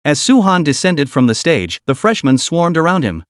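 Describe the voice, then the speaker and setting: A man narrating a fantasy story recap in a steady, dramatic storytelling manner. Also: a little high, normal speed, no room sound, studio quality.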